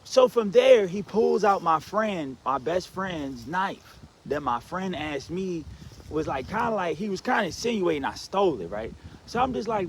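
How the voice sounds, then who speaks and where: A man's voice: moderate pace, slight background noise. A man telling a personal story in a rambling, casual way, checking in with "right?" and "you know what I'm saying" as he goes. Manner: animated, swings from low mutters to excited outbursts.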